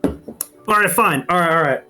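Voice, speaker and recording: A young man co-hosting a casual podcast chat, excitable and swearing a lot. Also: high-pitched, normal speed, soft background music. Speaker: podcast co-host. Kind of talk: casual chat over an online call.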